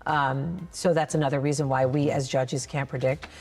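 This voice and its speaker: A woman's voice: extremely low pitch, fairly even intonation, normal speed, darkish tone, a little hiss or hum. A woman host and competition judge giving emphatic, encouraging feedback in a casual interview. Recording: roomy reverb with faint music.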